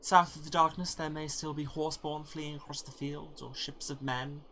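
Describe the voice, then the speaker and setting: Man putting on a young woman leader, raised soft voice, slow, earnest, bright. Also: fairly high pitch, flat delivery, slight background noise, voice pushed up.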